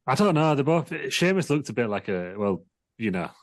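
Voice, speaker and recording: A man co-hosting a casual wrestling chat, lively and given to acting out quotes. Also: mid-range voice, moderate pace, no echo. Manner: animated, acts out wrestlers' lines in mocking put-on voices. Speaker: podcast co-host.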